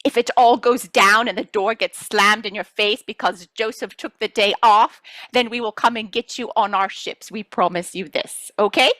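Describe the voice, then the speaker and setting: A woman's voice: mid-range voice, moderate pace, dry recording, natural voice. A woman channeling a playful collective of star beings who teases and reassures listeners, calling them children. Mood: reassuring. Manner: addresses listeners as children, gently scolding. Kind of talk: channeling session.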